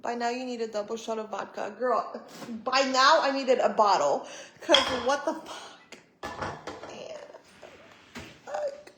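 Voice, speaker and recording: A young woman vlogger telling a story to her live chat in a casual, animated way, swearing and acting out what people said. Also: a little high, normal speed, reverberant, slight background noise, rough recording. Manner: animated, swearing, acts out quoted voices. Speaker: vlogger on a livestream.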